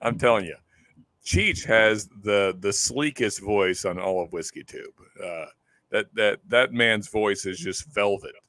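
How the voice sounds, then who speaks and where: Laid-back low-voiced man hosting a stream. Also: unhurried, fairly bright tone, dry recording. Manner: easygoing, repeats words when starting sentences. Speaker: whiskey show host. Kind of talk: casual live-stream chat. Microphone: close desk microphone.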